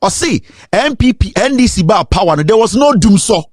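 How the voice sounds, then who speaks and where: Fiery Ghanaian man ranting in a lively high voice. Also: moderate pace, dry recording, studio quality. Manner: switches between English and Twi, repeats rhetorical questions, at times sing-song. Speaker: political commentator. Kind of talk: impassioned political rant.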